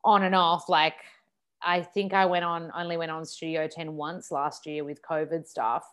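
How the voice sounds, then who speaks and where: A woman's voice: deep voice, moderate pace, clean tone. Chatty Australian woman in her thirties. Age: 30s. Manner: chatty and animated, lots of "like" fillers. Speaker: guest, TV presenter and yoga teacher. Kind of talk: casual interview chat.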